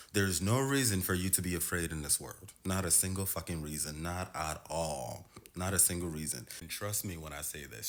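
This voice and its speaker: A man with a Nigerian American accent, talking casually to camera in an expressive, slangy way, often stretching words for emphasis. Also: sits low. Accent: Nigerian American, switching between Nigerian and American. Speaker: vlogger.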